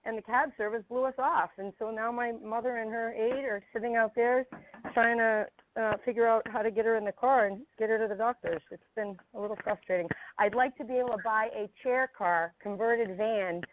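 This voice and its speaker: A woman calling in by phone to a talk show, speaking in an emotional, halting way. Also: fairly high pitch, fairly even intonation, noisy background. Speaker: caller. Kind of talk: call-in phone chat. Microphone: telephone. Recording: tinny phone line.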